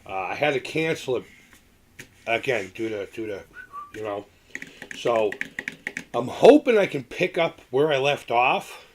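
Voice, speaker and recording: A man's voice: medium pitch, expressive, measured pace, pauses often, slight background noise. A middle-aged man hosting a casual live stream, talking in a loose, rambling way with restarts and small chuckles.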